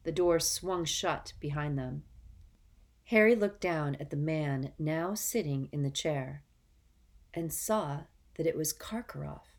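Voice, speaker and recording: Low-voiced woman reading a storybook. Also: slow. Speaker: audiobook reader. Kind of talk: scripted storybook narration.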